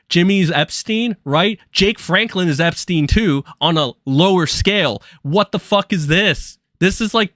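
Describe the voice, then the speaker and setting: A man's voice: a little high, fairly bright tone, dry recording, studio quality. A young man hosting a live stream, delivering angry, profane commentary.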